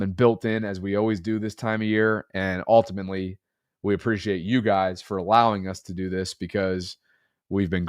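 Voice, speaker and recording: Here a male podcast co-host, around his thirties, chats casually in a deep, nasal voice that suggests he's under the weather. He meanders in a heartfelt, reflective manner. The sound is dry and close, free of room sound.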